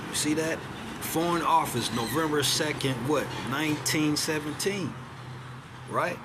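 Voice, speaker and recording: A man's voice: a little high, takes it slowly, pauses often, background noise. Casual man quizzing listeners with "all right?". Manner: peppers talk with "all right?", "man" and "see that?"; rhetorical questions answered himself. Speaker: self-styled teacher. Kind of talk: informal teaching, reading documents aloud.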